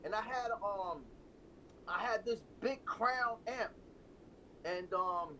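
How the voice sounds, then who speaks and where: A man, a guest record producer, telling stories in a relaxed, laid-back interview with easy laughter. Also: high-pitched, slow pace, slight background noise, low-quality recording.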